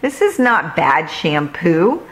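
A woman's voice: fairly low pitch, sing-song, slow pace, a bit bright, exaggerated voice. A woman doing a fussy shopkeeper. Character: fussy, bossy female shopkeeper.

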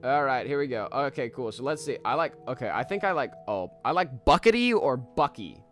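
An excitable man chatting with his live stream viewers while playing a game. He talks in a mid-range voice, jumps between thoughts and laughs often. Faint music plays softly behind him. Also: mid-range voice, brisk. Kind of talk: live gameplay stream chat.

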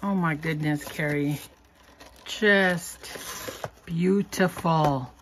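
A woman with a slightly low voice talks slowly and lovingly as she unwraps craft goodies. She gushes, giggles and now and then drops to a whisper, over a faint background hiss. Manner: gushing, giggly, breaks into soft whispers. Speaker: craft vlogger opening happy mail. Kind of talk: casual unboxing chat.

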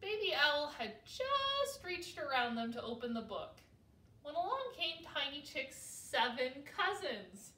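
A woman as a children's librarian, reading picture books aloud for babies in a sing-song, animated way. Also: sits high, slow. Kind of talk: storytime read-aloud for babies. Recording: roomy, from a distance.

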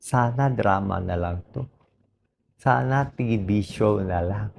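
A middle-aged man with a Filipino accent speaks in a hoarse, mellow, dark voice. He takes his time over every phrase as he makes an earnest personal appeal. His talk slips back and forth between English and Filipino. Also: on the low side, a little slow, slight background noise. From Philippines. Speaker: doctor.

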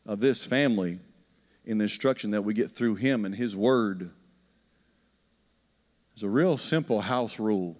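A man, preaching a conversational sermon and telling stories while asking the congregation questions. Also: fairly low pitch. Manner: storytelling, animated, asks the congregation questions. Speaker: pastor. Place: church sanctuary. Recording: long hall reverb.

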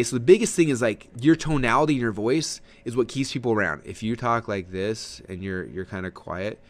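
A man teaching a recorded webinar with an energetic, animated delivery, leaning forward and gesturing as he explains. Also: medium pitch. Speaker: marketing trainer.

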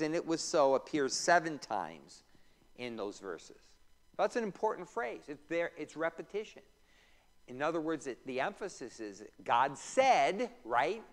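In a reverberant church hall, a pastor leads a Bible class, reading scripture aloud, quizzing the class and throwing in joking asides. His voice sits a little high and sounds animated, with a slightly slow delivery.

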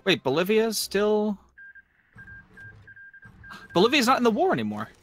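A bright, fairly high man's voice that bounces up and down as he plays a strategy game with friends over voice chat. He reacts eagerly and loudly and throws out playful jabs. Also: huge pitch swings, measured pace, faint music behind. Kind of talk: casual multiplayer gaming chat.

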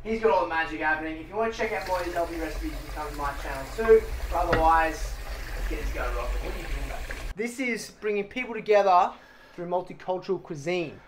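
A man's voice: high voice, quick pace, distant mic, a little hiss or hum. An Australian man, a chef, giving an upbeat casual cooking demonstration and explaining as he goes. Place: home kitchen. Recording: echoey kitchen.

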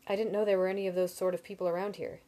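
A woman voicing an excitable young man who turns loud and shrill when alarmed. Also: racing, close to an everyday voice. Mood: curious.

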